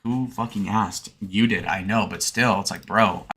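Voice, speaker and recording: A man's voice: on the low side, fairly even intonation, unhurried, a bit bright. A man in his twenties from Michigan, streaming a casual, rambling monologue in a provocative, sarcastic manner. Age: 20s.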